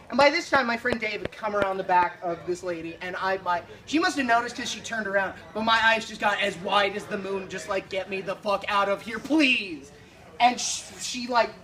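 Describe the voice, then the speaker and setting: A man doing stand-up comedy, telling an animated story, swearing and acting out the scene. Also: sits high, recorded from a distance.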